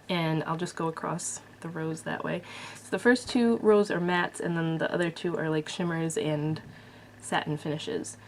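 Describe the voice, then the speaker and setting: A woman's voice: on the low side, a little hiss or hum. A woman vlogger casually reviewing a makeup palette, chatty and blunt with frequent fillers. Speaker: beauty vlogger.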